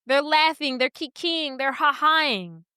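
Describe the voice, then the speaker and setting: A woman's voice: sits high, expressive, measured pace, sharp tone, dry recording, studio quality. A woman co-hosting a podcast, recapping a movie in casual chat and acting out the characters' lines as she goes. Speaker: podcast co-host.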